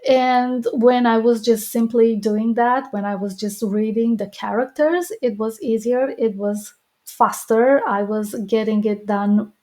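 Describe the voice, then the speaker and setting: A woman in her thirties hosting a solo podcast, teaching speaking tips in a deliberate, encouraging way. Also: fairly high pitch, fairly even intonation, warm tone. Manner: slow, deliberate, encouraging, demonstrates tones of voice. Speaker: podcast host and speaking coach.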